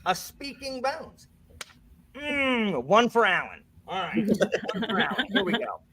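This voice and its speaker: A man's voice: high-pitched, big pitch swings, unhurried, bright, forceful tone, slight background noise. A man hosting a bookish quiz game, playful and jokey, reading each clue twice. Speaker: quiz host. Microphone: desk microphone.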